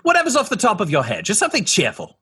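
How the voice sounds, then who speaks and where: Man, tabletop player, fast-talking, fairly high voice, playful. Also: wildly swooping pitch, sharp tone, slightly rough. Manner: playful, joking. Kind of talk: tabletop game role-play.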